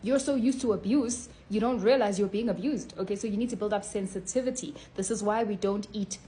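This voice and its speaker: A warm-toned health vlogger speaks a little fast into her phone, medium in pitch, with slight background noise. She's blunt and scolding, closing her points with the tag "okay?" again and again.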